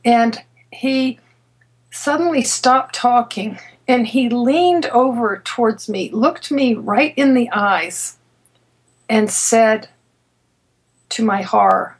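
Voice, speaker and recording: A woman with a husky, breathy voice sitting fairly high in its register. She tells her own story in an interview, often stopping, restarting and repeating words as she goes, with a quick laugh here and there. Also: rough recording. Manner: earnest storyteller, laughs between sentences. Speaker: interview guest. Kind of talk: personal story in conversation.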